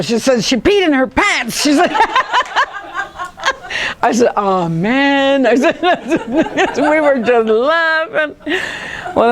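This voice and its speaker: A woman teaching a language class, telling funny stories with frequent laughter and sounding out syllables slowly. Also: medium pitch, slight background noise.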